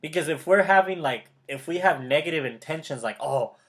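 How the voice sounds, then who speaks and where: Talking a little fast, a man with a slightly high, fairly bright voice and lively intonation coaches casually as a motivational mentor. Frequent mid-sentence laughter breaks up his emphatic, enthusiastic talk, where he repeats key words and addresses the listener as brother or bro.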